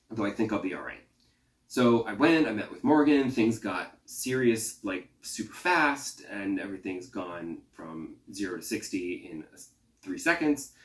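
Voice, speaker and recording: A man hosting a gaming podcast, chatting casually and acting out his own reactions and the game's characters in quick quotes. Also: sits low, distant mic. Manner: chatty, acts out quotes of himself and game characters. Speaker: podcast host. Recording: echoey room, off-mic.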